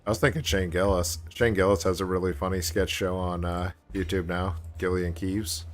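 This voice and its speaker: A man's voice: deep voice, level tone, fairly quick, slight background noise. A man streaming a game, chatting casually in a rambling way with joking asides. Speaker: gaming streamer. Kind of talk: casual chat while gaming.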